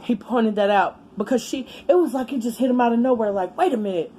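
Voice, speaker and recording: A middle-aged woman, chatting casually as a vlogger while eating, exclamatory and quick to laugh. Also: fairly high pitch, mellow, slight background noise. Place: home, with a fan running.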